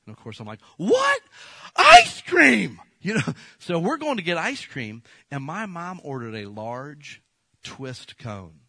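Animated preaching man, bright voice. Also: medium pitch, unhurried, no room sound. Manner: animated storyteller acting out quotes, rising to loud bursts. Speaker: pastor. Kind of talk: storytelling sermon.

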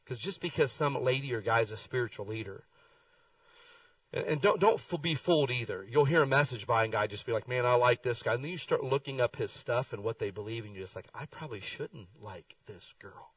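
A middle-aged man preaching a sermon, telling folksy stories with lively swings in his voice. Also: medium pitch, fast, no room sound, far from the mic, poor audio. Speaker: pastor. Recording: dry sound, speaker away from the mic.

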